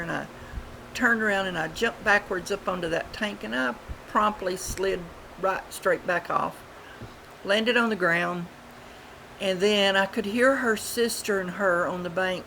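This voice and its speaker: A woman, telling childhood stories in a rambling, unhurried way with many fillers, recorded on a webcam at home. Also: lowish voice, a bit bright, slight background noise, poor audio. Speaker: vlogger. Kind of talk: casual storytelling.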